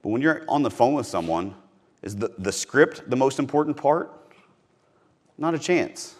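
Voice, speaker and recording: A man's voice: medium pitch, lively intonation, normal speed, a little mellow. A middle-aged man from Missouri giving a punchy, emphatic motivational talk on sales, repeating his key phrases. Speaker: podcast host teaching sales.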